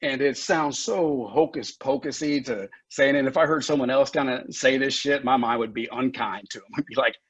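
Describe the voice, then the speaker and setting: A man's voice: medium pitch, steady tone, normal speed, few pauses, breathy edge, dry recording. A man speaking as a podcast guest, telling his recovery story candidly with frank, profane language, frequent laughs and moments of emotion. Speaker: guest, recovery center founder. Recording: dull lo-fi podcast audio.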